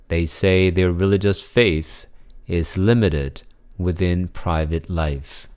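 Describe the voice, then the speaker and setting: A man reading scripture and giving a measured sermon reflection. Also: low voice, a little mellow. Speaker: preacher.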